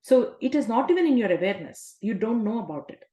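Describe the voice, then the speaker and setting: A woman's voice: fairly high pitch, very animated, fast talker, dark tone. Woman coach talking in an echoey room. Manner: conversational, asks rhetorical questions, often adds "right?". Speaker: life coach. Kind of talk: self-help talk. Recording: roomy echo.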